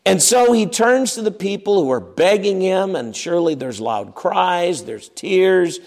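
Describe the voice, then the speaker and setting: Slow, lively-voiced male preacher. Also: high voice, creaky. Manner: emphatic, repeats words, acts out scripture scenes. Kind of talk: expository sermon.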